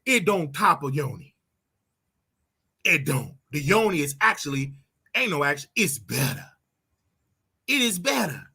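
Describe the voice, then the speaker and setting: A man's voice: a little high, sing-song, a little slow, creaky, long pauses, sharp tone, slightly rough. A man ranting casually on a livestream in a flamboyant, sing-song way, with sudden yelps and laughter. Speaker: online preacher commentator.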